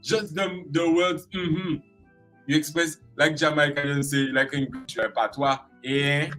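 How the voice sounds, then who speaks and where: As a guest in a casual interview, a creative arts specialist from Guadeloupe chats in a Guadeloupean French accent, playfully acting out expressions in different voices. His voice is on the high side, fairly bright and steady, at a moderate pace. Faint music is audible, and the recording quality is low.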